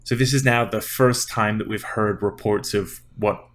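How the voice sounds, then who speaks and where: A man's voice: on the low side, fairly even intonation, normal speed, a bit bright. A man hosting a casual podcast, explaining things at length with a lot of fillers. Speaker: podcast host.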